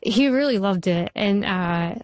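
A woman television writer answering interview questions, telling stories with lively acted-out quotes. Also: medium pitch, a little slow, dry recording. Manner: animated, acts out quoted voices in anecdotes. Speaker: TV writer and showrunner guest. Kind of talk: conversational interview storytelling.

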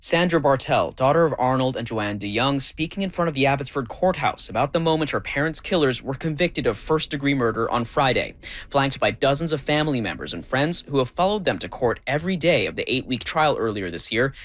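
A man narrating a scripted news report from the field, in an even delivery. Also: mid-range voice, brisk.

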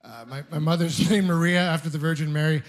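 A man works through a stand-up routine with a notably high voice. He tells his stories with animated, self-mocking mock outrage. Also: fast talker. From Ontario, Canada. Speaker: stand-up comedian. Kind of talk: stand-up comedy set.

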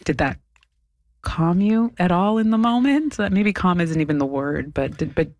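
A woman interviewing, asking soft, tentative questions and rephrasing them as she goes. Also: fairly low pitch, lively intonation, moderate pace, dry recording, clean studio sound.

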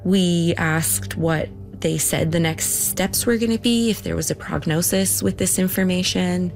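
A woman's voice: lowish voice, measured pace, creaky, music in the background. A woman recalling events in an interview, earnest, often quoting what she and others said. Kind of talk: personal recollection in interview.

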